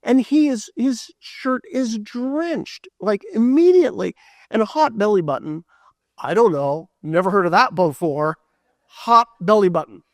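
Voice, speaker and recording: A man giving a conference keynote, telling a story in a loose, animated way with many fillers and restarts, acting out what people said. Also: high voice, dry recording, studio quality. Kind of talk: storytelling talk.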